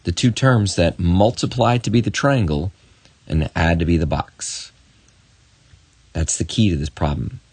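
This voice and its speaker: Deep-voiced man teaching a math lesson. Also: a little mellow, slightly rough, no room sound. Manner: encouraging, talks straight to the student with quick asides. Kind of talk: recorded video lesson.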